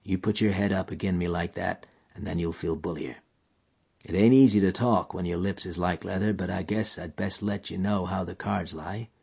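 A man voicing a gaunt, dying frontiersman, gentle and weary, speaking in a drawling rustic dialect. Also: low-pitched, steady tone, normal speed, gravelly, slightly rough, lo-fi sound, full character voice.

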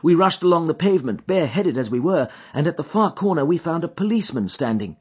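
A man reads a first-person story as an audiobook, his delivery expressive and dramatic. His voice is husky and swings widely in pitch. The lo-fi recording sounds dull. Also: quick pace. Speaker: audiobook reader.

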